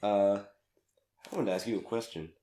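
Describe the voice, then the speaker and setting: A man slightly raspy from a cold, rambling through a casual podcast chat as co-host and laughing at his own jokes. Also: fairly low pitch, normal speed, mellow. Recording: echoey room.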